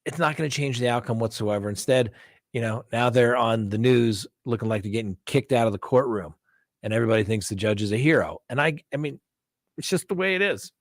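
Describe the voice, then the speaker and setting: A man's voice: medium pitch, brisk, dry recording, studio quality. A man who works as a defense attorney, hosting a live crime talk stream and telling courtroom stories with a blunt, combative edge, acting out both sides of the exchanges. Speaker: defense attorney and show host.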